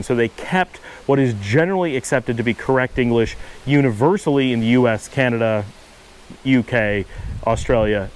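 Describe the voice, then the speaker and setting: Guy with a northern us accent vlogging outside, mid-pitched, lots of restarts. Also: a little mellow. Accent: Northern US, Cleveland-Buffalo area. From United States. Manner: thoughtful, lecturing, frequent restarts. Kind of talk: casual explanatory monologue. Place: outdoors in Central America. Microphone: handheld camera.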